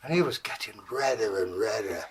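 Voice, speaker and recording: A man's voice: lowish voice, moderate pace. A man telling a fairy tale in a chatty, jokey way as a channel host. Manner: chatty, jokey, conversational asides.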